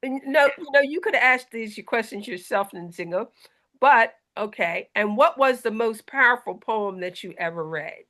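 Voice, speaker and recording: A woman from South Carolina moderating a video-call discussion, brisk and organizing, with joking asides. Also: fairly high pitch, animated, pushed and bright. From South Carolina, USA. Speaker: host and moderator.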